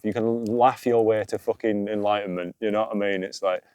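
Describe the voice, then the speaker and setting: Man, low voice, dry close sound, earnest casual chat, swears a lot, outdoors by a campfire. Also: steady tone, a little fast, a little mellow, clear, resonant tone, dry recording. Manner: earnest, swears freely, repeats "you know". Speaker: podcast co-host.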